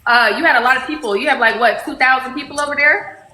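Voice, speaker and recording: An American woman in her twenties, a live-stream match guest, talking in a hesitant, halting way. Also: high voice. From United States. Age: 20s. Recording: echoey room with faint noise.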